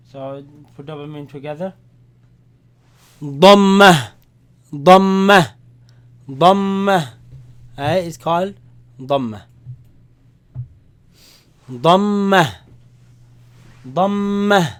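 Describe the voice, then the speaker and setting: Quran teacher, man, unhurried and slightly high-voiced, patient step-by-step classroom delivery. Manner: repeats Arabic words slowly and loudly, checks in with "right?". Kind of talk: classroom Arabic lesson.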